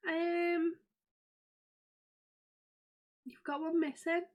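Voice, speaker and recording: A woman's voice: very high-pitched, level tone, unhurried. A woman, a guest co-host chatting casually in a giggly, teasing, laid-back way. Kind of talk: casual chat.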